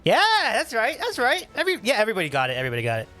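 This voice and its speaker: A man hosting a casual livestream, reading and answering chat with upbeat, animated talk and frequent laughs. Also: high voice, racing, faint music behind. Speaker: livestream host.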